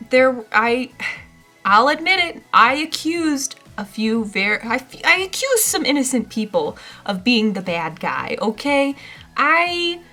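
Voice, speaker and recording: A young woman chats about a book in a relaxed, rambling way. Her voice is bright and forward, with ums filling the gaps. Soft music plays faintly behind her. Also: fairly high pitch. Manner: chatty, rambling, with frequent ums. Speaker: book reviewer. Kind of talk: casual chat.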